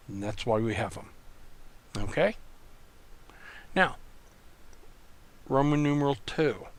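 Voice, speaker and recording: A man tutoring in a recorded online lesson, explaining patiently and methodically, often repeating words. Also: medium pitch. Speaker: Greek tutor.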